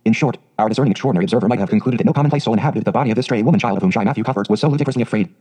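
A man narrates a storybook in a steady, scripted reading. He moves very fast, in a dark, mellow tone. The voice has a husky grain. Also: lowish voice, poor audio. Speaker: audiobook narrator.

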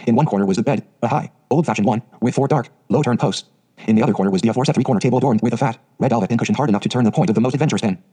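Male audiobook narrator. Mellow, husky tone, brisk storytelling. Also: medium pitch. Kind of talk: scripted narration of a novel.

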